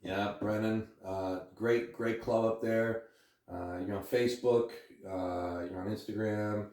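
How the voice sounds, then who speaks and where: A man's voice: fairly low pitch, steady tone, takes it slowly, a little mellow. A man hosting a casual chat, loose and easygoing, laughing often. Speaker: podcast host. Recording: echoey room, distant mic.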